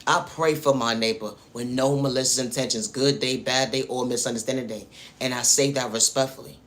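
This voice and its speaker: A man's voice: medium pitch, fairly even intonation, a little fast, a bit bright. A man delivering a preachy motivational monologue about faith and self-worth, speaking straight to the viewer and returning again and again to the same refrains. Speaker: spiritual vlogger.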